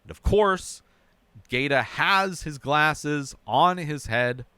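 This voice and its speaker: Smooth-voiced man recapping a TV episode. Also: fairly high pitch, animated, slow, sharp tone, no echo. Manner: narrates plot in a run-on way, often adding "right?". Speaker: podcast host recapping a TV episode.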